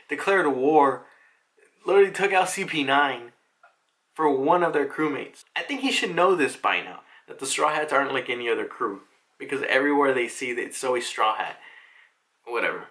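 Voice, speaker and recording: A man's voice: on the high side, expressive, normal speed, sharp tone. A young man casually recapping a comic chapter, chatty and laughing, with frequent swearing. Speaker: manga reaction youtuber.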